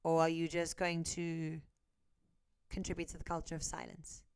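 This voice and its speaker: A woman's voice: low-pitched, completely flat delivery, moderate pace, darkish tone, clean tone, no room sound. A South African woman vlogger giving opinion commentary, asking a string of pointed rhetorical questions to her viewers.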